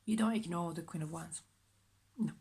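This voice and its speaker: A woman with a husky morning voice, chatting emphatically and expressively as she gives a casual tarot reading to camera. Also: on the low side, moderate pace, a little mellow. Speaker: tarot reader.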